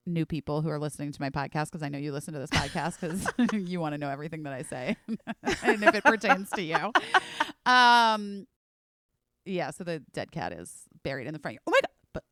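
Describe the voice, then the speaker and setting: On her podcast, a woman in her forties rambles through an animated story, using "like" constantly and swearing now and then. Her voice is on the low side, and the clean studio sound has no echo.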